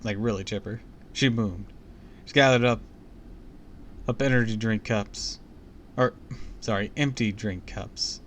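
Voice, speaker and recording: A man's voice: on the low side, steady tone, unhurried, pauses often. A man streaming a live read-aloud of a book, breaking off into casual comments and jokes. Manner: chatty, comments and jokes between passages.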